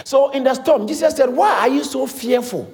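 A man preaching a sermon in a large hall, with lively repetitions and call-and-response to the congregation. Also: very high-pitched, normal speed. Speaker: pastor. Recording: echoey hall.

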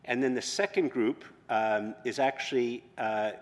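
A pastor giving a conversational sermon, full of fillers and restarts. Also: male voice, medium pitch, unhurried, big-room sound.

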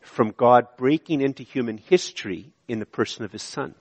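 A man's voice: mid-range voice, normal speed, long reverb tail. A male pastor delivering a sermon in a conversational way, with repeated phrases and asides to the congregation. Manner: conversational preaching with repetitions and asides. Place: church.

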